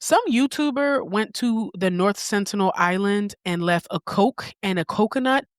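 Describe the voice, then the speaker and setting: A woman's voice: mid-range voice, moderate pace, dry recording. Woman podcaster, blunt and candid, cussing here and there, dry close mic. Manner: blunt, candid, swears casually. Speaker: podcast host. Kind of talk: opinionated commentary.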